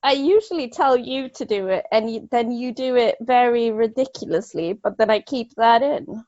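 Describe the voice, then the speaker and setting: A woman's voice: a little high, lively intonation, moderate pace, darkish tone, dry recording. A woman co-hosting a podcast in casual chat, giggly and self-conscious as she banters. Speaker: podcast co-host. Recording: dry, slightly dull lo-fi sound.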